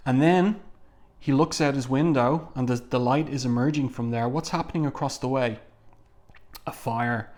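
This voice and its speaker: A man's voice: medium pitch, normal speed, a little mellow. Hesitant man reviewing a comic. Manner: hesitant, many fillers while describing. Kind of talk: casual commentary.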